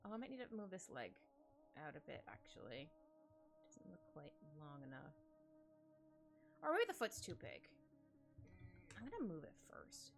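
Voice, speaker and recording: A woman's voice: on the low side, wildly swooping pitch, normal speed, vocal fry, long pauses. A woman livestreaming at home, chatting casually while she draws, rambling and giggling through her stories. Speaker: livestreaming artist. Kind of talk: casual chat while drawing. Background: soft background music.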